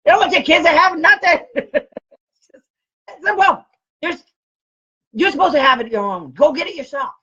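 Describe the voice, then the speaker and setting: A woman's voice: fairly high pitch, fairly bright tone, husky, lo-fi sound. A woman special education advocate talking casually to camera, blunt and outspoken, often laughing as she speaks.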